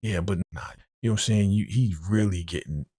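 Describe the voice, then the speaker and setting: A man giving a casual, animated recap of a TV episode, talking in slang and filling his speech with "you know.". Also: on the low side, fairly quick, slightly rough, no room sound, clean studio sound. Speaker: TV episode reaction host.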